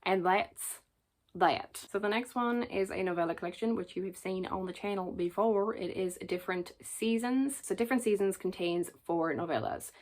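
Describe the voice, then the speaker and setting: A woman's voice: mid-range voice, normal speed, a little mellow. A woman talking casually to the camera as a book reviewer, chatty, jokey and enthusiastic.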